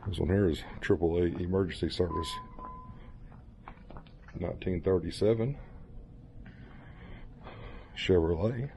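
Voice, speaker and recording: A man in his fifties with a low, deep voice leads a relaxed, playful tour through an indoor museum hall. He keeps up easy chatter and jokes as he walks. A faint room hum sits under his voice. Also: unhurried, creaky, pauses often. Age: 50s. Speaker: vlogger touring a museum. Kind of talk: casual walkthrough commentary.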